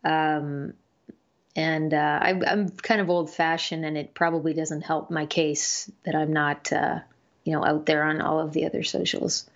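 A woman's voice: deep voice, level tone, measured pace, dull audio. A woman musician being interviewed, talking casually and hesitantly with many fillers and restarts. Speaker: musician guest.

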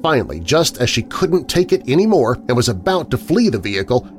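A male narrator delivering scripted documentary narration with an animated, rising-and-falling pitch in a middle register. His delivery is measured and dramatic, like someone reading a spooky story aloud. Faint background noise sits under the voice.

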